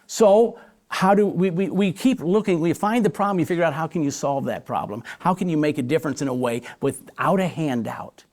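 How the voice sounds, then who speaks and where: A pastor talks in a live on-stage interview, emphatic and full of energy. His voice sits a little high for a man, and he stumbles over repeated words as he pushes his points. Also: brisk, a little mellow. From Chicago area. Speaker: pastor and guest speaker.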